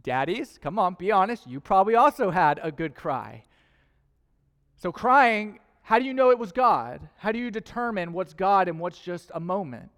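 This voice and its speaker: A man's voice: high voice, a bit bright. A young man preaching a sermon in a casual, conversational way, full of rhetorical questions and playful asides. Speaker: pastor. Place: church auditorium. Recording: long hall reverb.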